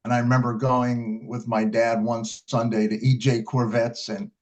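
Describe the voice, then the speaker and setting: A man's voice: mid-range voice, level tone, normal speed, darkish tone. An older man who plays blues harmonica, recalling his early years in a casual interview, rambling through stories with frequent restarts and fillers. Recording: dull lo-fi recording.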